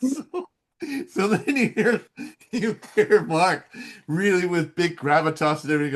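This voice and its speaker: A man who works as a voice actor, a guest in a casual interview, telling animated stories and laughing often. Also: high-pitched, measured pace.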